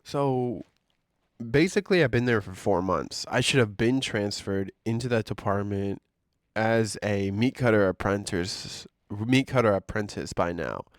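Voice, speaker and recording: A man's voice: fairly low pitch, a little slow, dry recording, clean studio sound. A man vlogger delivering a profane, exasperated rant about his job. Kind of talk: ranting monologue.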